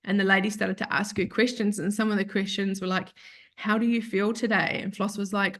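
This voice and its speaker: A woman's voice: mid-range voice, flat delivery, brisk, a bit bright. A woman, a podcast guest, telling a heartfelt personal story in a rambling, self-correcting way that turns tearful at times. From Australia.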